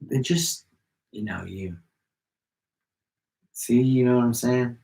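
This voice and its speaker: A man's voice: mid-range voice, slow, gravelly, warm tone. A man co-hosting a podcast in casual chat, loose and joking, often slipping into mimicked voices. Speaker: podcast co-host. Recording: echoey room, distant mic.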